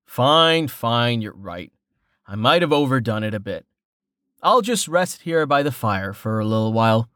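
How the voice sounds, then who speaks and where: Man playing a stubborn young guy, wry, protesting, lively. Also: mid-range voice, a little slow, no echo, studio quality. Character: stubborn young man, injured, making light of it.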